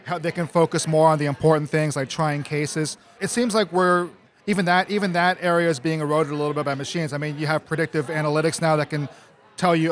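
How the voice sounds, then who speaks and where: A man's voice: a little high, fairly even intonation, quick pace. A man, a legal journalist, asking rambling interview questions with many fillers.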